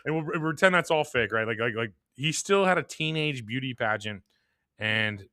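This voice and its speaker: A man's voice: medium pitch, expressive, normal speed, bright, forceful tone, no room sound, studio quality. A man hosting a podcast in casual chat, rambling and repeating words as he thinks, laughing often. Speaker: podcast host.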